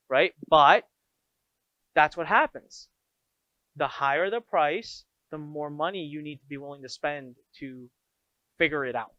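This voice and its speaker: A man coaching his members on running an online business, telling frank, animated stories as he teaches. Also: medium pitch, normal speed, no echo, lo-fi sound. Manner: energetic storytelling, frank and animated.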